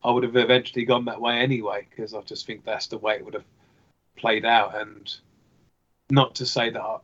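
A man's voice: medium pitch, little pitch movement, a little fast, fairly bright tone, muffled recording. A man talking as a guest in casual chat. He speaks hesitantly, with many fillers and restarts. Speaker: podcast guest.

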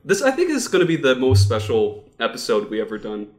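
A man's voice: medium pitch, huge pitch swings, brisk. Young man, Dutch accent, podcast co-host, rambling self-deprecating storyteller, casual. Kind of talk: casual chat.

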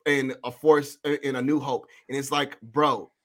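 A man co-hosting a casual movie review podcast who rants and swears, jumping into sudden high outbursts. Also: fairly even intonation, normal speed, a bit bright. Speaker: podcast co-host.

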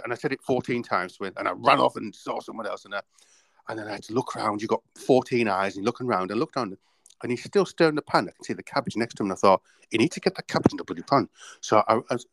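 A man's voice: mid-range voice, lively intonation, fast talker, gravelly, no echo, poor audio. A man hosting a casual podcast, telling rambling anecdotes and acting out the voices in them. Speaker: podcast host. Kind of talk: casual storytelling chat.

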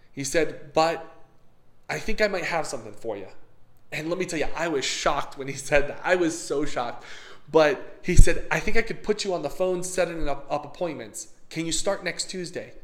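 A man telling a personal career story as an emphatic, animated monologue, acting out the people in it. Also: fairly high pitch. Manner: animated, emphatic, quotes others in his story.

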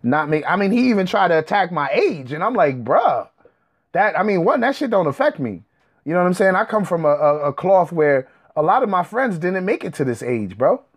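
Man ranting, profane, combative, fairly high-pitched voice, casual commentary. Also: lively intonation, fairly quick, hardly any pauses. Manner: profane, combative, rising to angry outbursts. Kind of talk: heated casual rant.

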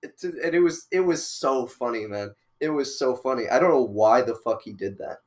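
A young man in casual chat with a friend, telling a school story in a relaxed way, with lots of swearing. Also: mid-range voice, moderate pace. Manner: laid-back, profane, with fillers and restarts.

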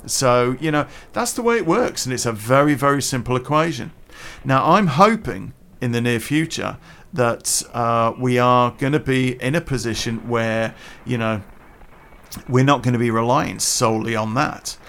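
A chatty British man holds forth in a casual podcast rant, his pitch sitting in an ordinary middle range. He is blunt and sprinkles in mild swearing and lots of "you know". He chews gum as he speaks. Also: normal speed, a bit bright. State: chewing gum. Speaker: podcast host. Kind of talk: casual ranting podcast monologue.

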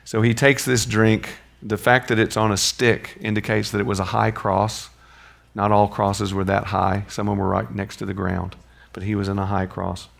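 A low-voiced man with a gravelly edge leads a Bible study, talking it through in a loose, conversational way. He keeps pausing to check in with the people listening. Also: little pitch movement. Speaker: Bible teacher.

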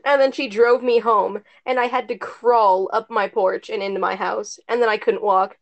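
A woman's voice: medium pitch, fairly even intonation, moderate pace. A teenage girl casually telling a story to friends, rambling with lots of "like" and some swearing. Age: teens. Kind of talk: casual chat. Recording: dull lo-fi recording.

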